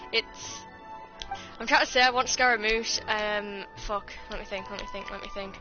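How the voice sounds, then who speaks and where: A woman's voice: mid-range voice, fairly even intonation, moderate pace. A British woman with a Scottish tinge to her accent, chatting casually and swearing freely as she streams a game. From United Kingdom. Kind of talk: casual gaming stream chat. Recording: slightly dull stream audio with game music.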